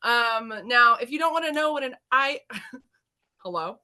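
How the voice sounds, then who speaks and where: Bright, slightly high woman host; giggly, animated casual podcast chat. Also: normal speed. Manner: giggly, animated, laughs often.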